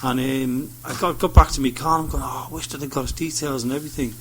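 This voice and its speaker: A man's voice: mid-range voice, fairly even intonation, fast, slight background noise. A man telling rambling anecdotes on a radio chat show, acting out the voices of people he met. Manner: rambling anecdotes with acted-out quotes. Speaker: studio guest. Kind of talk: casual radio chat, storytelling.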